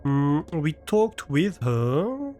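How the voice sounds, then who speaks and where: Male streamer, slightly raised pitch, unhurried, thinks aloud and chats with viewers. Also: big pitch swings, darkish tone, faint music behind. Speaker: live streamer. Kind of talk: casual chat while playing a game. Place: his own room at home.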